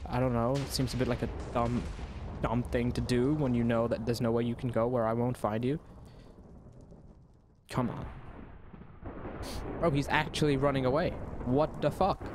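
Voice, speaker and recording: A young man giving excited, profanity-laced commentary while he plays a video game and taunts the enemy out loud. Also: medium pitch, normal speed, long pauses. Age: young adult. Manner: excitable, swears, talks to the enemy. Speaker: gaming YouTuber. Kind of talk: live gameplay commentary. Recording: noisy game sound under voice.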